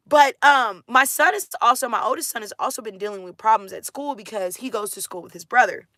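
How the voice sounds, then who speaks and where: Woman, high-ish bright voice, casual animated storytelling, dry close sound. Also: brisk, few pauses, dry recording. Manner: chatty and animated, laughs often, says "like" and "dude" a lot. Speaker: mother sharing her family life. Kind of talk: casual chat to viewers.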